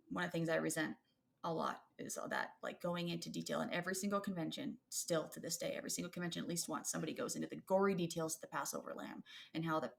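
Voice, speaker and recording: A woman in her thirties co-hosts a podcast, her deep, creaky voice carrying casual conversational chat. She talks in a thoughtful, rambling way, full of fillers and restarts. A slight background noise is present.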